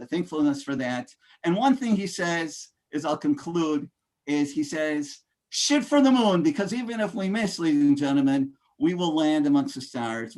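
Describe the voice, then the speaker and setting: A man speaking as a guest motivational speaker, emphatic and rousing, often addressing "ladies and gentlemen" between filler sounds. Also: a little high. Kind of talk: motivational speech.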